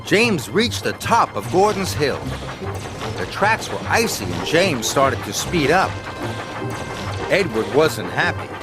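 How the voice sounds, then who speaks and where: A man reading a children's railway story aloud as narrator. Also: on the high side. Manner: slow, expressive storytelling. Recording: music underneath.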